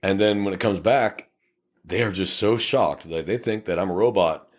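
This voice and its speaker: A middle-aged Texan man with a fairly low voice, trading cop stories on a podcast. He talks bluntly and swears freely, jumping into animated impressions of angry drivers and officers. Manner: blunt, profane, animated, acts out both sides of traffic stops in quick voices. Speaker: podcast co-host, police officer. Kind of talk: casual storytelling chat.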